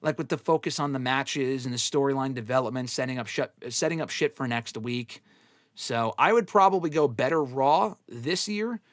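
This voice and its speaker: A man hosting a live fan-question show talks loosely and bluntly, tossing in curse words as he gives his opinions. His voice sits at a middling pitch, recorded close and dry with no room sound. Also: normal speed, dry recording. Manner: blunt and opinionated, swears often. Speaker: wrestling podcast host answering fan questions. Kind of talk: casual live Q&A commentary.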